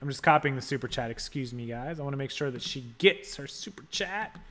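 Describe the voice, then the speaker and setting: A man chats casually on his livestream, musing aloud while fiddling with settings and expressing thanks for viewer donations. His mid-range voice has lively intonation and a fairly bright tone, moving a little fast over slight background noise.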